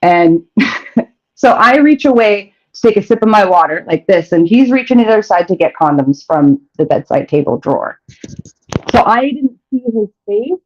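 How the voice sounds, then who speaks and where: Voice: medium pitch, animated, normal speed. A show host telling a candid story in a casual chat, often laughing mid-sentence and restarting phrases. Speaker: host of a sex advice show. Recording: dull, muffled audio.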